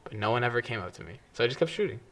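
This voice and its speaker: A young man co-hosting a podcast in casual chat, telling stories with lively energy and yelling when quoting others. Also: medium pitch, racing. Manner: animated storytelling, yells when quoting others. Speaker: podcast co-host. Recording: clipping on loud moments.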